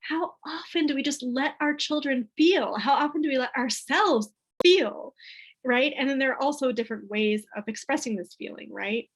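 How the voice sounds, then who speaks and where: A woman's voice: high-pitched, normal speed, husky, rough recording. A woman leading a parenting workshop for a group, chatty and peppering her talk with "right?". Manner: chatty, keeps asking "right?".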